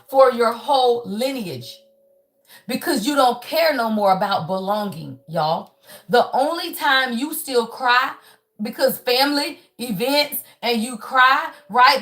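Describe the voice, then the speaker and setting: A woman's voice: high-pitched, a bit bright. Blunt, profane woman reading tarot live. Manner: blunt, profane, preachy, repeats "y'all" and "right?". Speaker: tarot reader. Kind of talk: live spiritual reading, casual chat.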